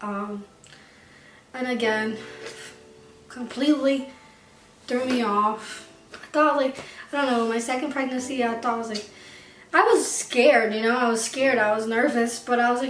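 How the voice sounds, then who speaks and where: A woman's voice: fairly high pitch, fairly even intonation, normal speed, a bit bright. Emotional young woman telling her story. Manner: emotional, tearful at times, candid and conversational. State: crying at times. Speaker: vlogger. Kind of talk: personal storytelling to camera. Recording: echoey room, far from mic, faint music.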